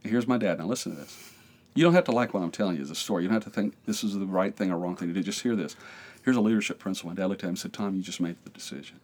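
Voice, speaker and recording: A middle-aged American pastor telling a lively story in a podcast interview, acting out the voices in it and often laughing. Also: male voice, low-pitched, racing.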